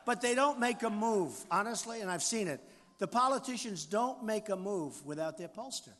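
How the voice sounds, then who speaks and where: A man's voice: high voice, lively intonation, normal speed, fairly bright tone. A man in his sixties giving a campaign rally speech, boastful and repetitive, riffing off the crowd. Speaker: political candidate. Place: large rally venue. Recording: long hall reverb, faint crowd noise.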